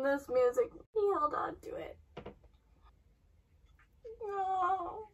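A woman's voice: high-pitched, animated, takes it slowly, long pauses, fairly bright tone, far from the mic. A woman reacting aloud to an anime episode, emotional, exclaiming and trailing off mid-sentence.

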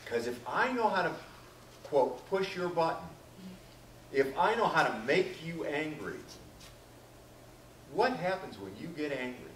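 A man's voice: fairly high pitch, sing-song, unhurried, pauses often, fairly bright tone. A male teacher lectures a class, calling on students by name and acting out what people say. He is picked up from a distance in a reverberant classroom, with a faint hum behind him. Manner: questions students by name, acts out quoted lines. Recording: echoey classroom from far off.

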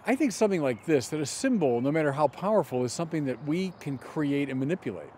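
Middle-aged bishop teaching outdoors. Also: male voice, a little high, expressive, a little mellow, slight background noise. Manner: deliberate and emphatic, slowing down on key words. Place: outdoor garden.

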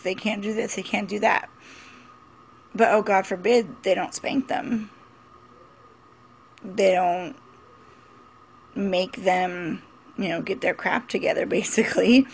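A woman's voice: medium pitch, slight background noise. A woman in her forties, a mother vlogging her opinions in a blunt, emphatic, repetitive way. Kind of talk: casual opinion vlog.

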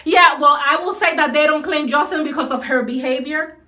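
A Puerto Rican woman, around her thirties, talks casually and emphatically to her viewers, dropping Spanish phrases into her English. Her voice sits high and sounds bright. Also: a little fast. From Puerto Rico. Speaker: vlogger answering viewers. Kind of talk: casual chat.

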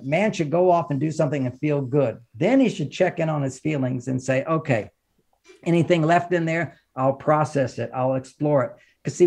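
A man with a fairly high voice talks as a relationship counselor and author on a podcast. He lectures with emphasis and pushes his pitch and volume up to drive a point home. He often repeats phrases in lists. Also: darkish tone. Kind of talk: animated advice talk in an interview.

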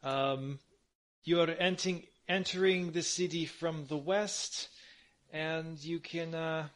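A man's voice: on the high side, slow. Man narrating in a fake Russian accent. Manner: relaxed, rambling narration with fillers. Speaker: game master. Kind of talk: narrating a tabletop game.

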